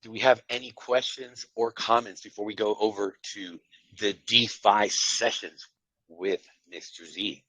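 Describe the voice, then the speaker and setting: A man's voice: on the low side, fairly even intonation, a little slow, pushed and bright, slightly rough, no room sound, poor audio. A man hosting a podcast in casual chat, upbeat and laughing, giving pep talks. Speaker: podcast host.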